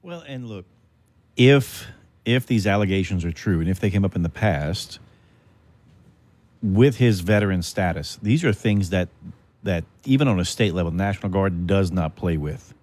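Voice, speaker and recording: A man co-hosting a casual political talk radio show in a studio, cutting in with quick objections. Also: deep voice, expressive, darkish tone.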